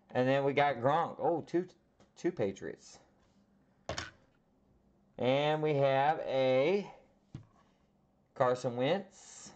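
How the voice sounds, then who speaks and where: A man hosting a casual card break, calling out players with slow, drawn-out reactions as he opens packs. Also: mid-range voice, a little mellow. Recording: slightly dull audio with faint background noise.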